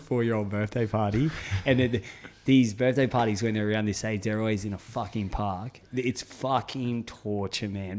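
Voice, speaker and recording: A man's voice: on the low side, darkish tone. A man in his thirties, co-hosting a podcast and telling a rambling, profane story while laughing through it. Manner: swears freely, laughs through his stories. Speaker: podcast co-host. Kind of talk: casual chat, storytelling.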